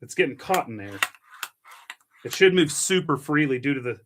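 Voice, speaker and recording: A young man hosting a casual coffee-brewing vlog, chatty and quick to grumble at his equipment with mild curses. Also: mid-range voice, animated, fairly bright tone, a little hiss or hum. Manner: chatty, mild cursing, gets frustrated with gear. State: annoyed. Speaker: coffee channel host.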